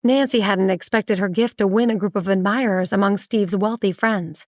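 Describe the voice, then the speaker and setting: A woman reading a romance audiobook in measured, even storytelling on a close mic. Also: mid-range voice, dry recording. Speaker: narrator. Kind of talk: scripted audiobook narration.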